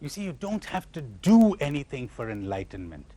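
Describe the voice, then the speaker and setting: A man giving a spiritual lecture to a live audience, animated and questioning his listeners, acting out imagined replies. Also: medium pitch, normal speed, no echo. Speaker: spiritual teacher.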